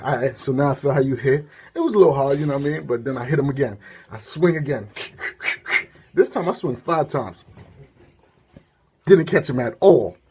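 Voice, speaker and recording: Husky-voiced man telling a rambling story. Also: a little high, a little mellow. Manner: rambling, filler-heavy storytelling with asides. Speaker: story time host. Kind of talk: casual storytelling.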